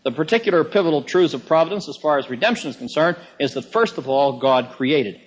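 A man's voice: on the high side, expressive, fairly quick, husky. A man in his fifties preaching a sermon in a conversational teaching manner, repeating key phrases for emphasis. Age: 50s. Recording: dull lo-fi recording.

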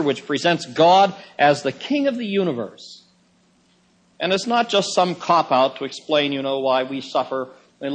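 Emphatic male preacher, slightly high voice. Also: poor audio. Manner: emphatic, with sudden rises in pitch for stress. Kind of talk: sermon.

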